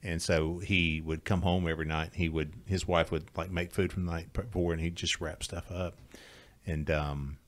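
Deep, deadpan storytelling man. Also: moderate pace. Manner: deadpan storyteller, dry punchlines. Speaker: podcast co-host. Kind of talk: casual chat over beers.

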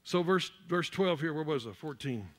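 A man preaching a church sermon, building up to loud, emphatic peaks and repeating words as he searches for the next one. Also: on the high side, animated, moderate pace. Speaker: pastor.

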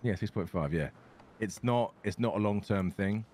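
A man's voice: on the low side, normal speed, darkish tone, slight background noise. A British man chatting in character during a role-play game, matter-of-fact and swearing casually.

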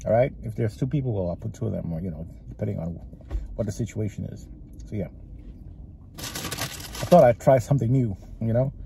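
Over background noise, a fairly low, gravelly male voice moves briskly with lively intonation and long pauses. The speaker is a food vlogger with a Texas-like drawl, chewing and rambling chattily in his parked car while the engine runs.

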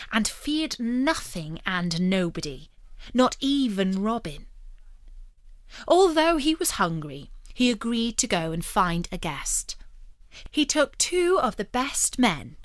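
A woman reading a story aloud for language learners, slowly, clearly and carefully. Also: medium pitch, fairly bright tone, dry recording, clean studio sound. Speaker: narrator. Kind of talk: audiobook narration for learners.

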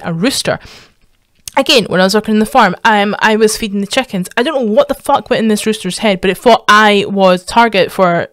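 A woman's voice: medium pitch, no room sound. A Scottish woman chatting through a reaction video in a loose, rambling way, swearing freely and squealing when something grabs her. Her voice sits in an ordinary middle register and sounds dry and close, with no room around it. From Scotland. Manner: rambling, sweary, bursts into excited squeals and laughs. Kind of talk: casual reaction commentary.

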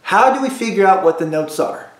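A music teacher drilling students through call-and-response practice, patient and repetitive. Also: male voice, high-pitched, lively intonation, brisk, reverberant. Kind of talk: recorded music lesson for students.

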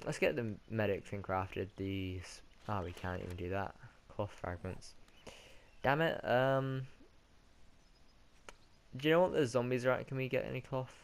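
A lower-voiced British man talks through his game in a casual, rambling way. He corrects himself often and chats as if to himself. A faint hum sits under the recording. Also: vocal fry. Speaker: gaming commentator. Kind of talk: casual let's-play commentary.

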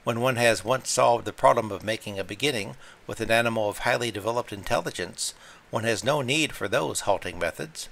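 A man reading a classic short story aloud in a measured, wry storytelling manner. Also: mid-range voice, gravelly, a bit bright. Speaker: audiobook reader. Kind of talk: scripted story narration.

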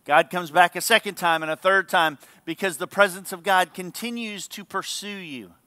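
A man's voice: sits high, moderate pace, bright, forceful tone, no room sound. A male pastor giving an earnest, emphatic sermon.

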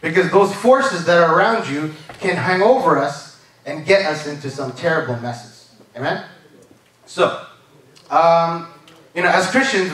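A man's voice: fairly high pitch, fairly bright tone. Man preaching in an echoey church. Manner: conversational, keeps asking "right?" and "amen?". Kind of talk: sermon. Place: church service. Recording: echoey church hall, mic far off.

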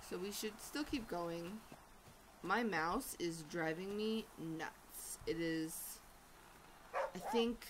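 A woman's voice: on the low side, slight background noise, low-quality recording. A woman playing a video game and commenting as she goes, chatting to her in-game dog and crying out in frantic repeats when things go wrong. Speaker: gaming channel host. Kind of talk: let's play commentary. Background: loud game music.

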